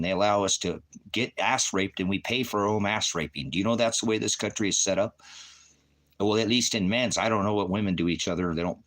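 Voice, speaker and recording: A man preaching on a livestream, profane and combative, berating commenters and repeating himself. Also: deep voice. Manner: repetitive, shifting between shouting and muttering. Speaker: online preacher. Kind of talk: livestream rant at chat.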